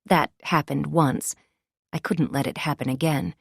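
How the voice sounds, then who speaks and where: A woman narrating a thriller audiobook in first person, measured and confiding. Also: sits low, fairly even intonation, creaky, breathy edge, dry recording, clean studio sound.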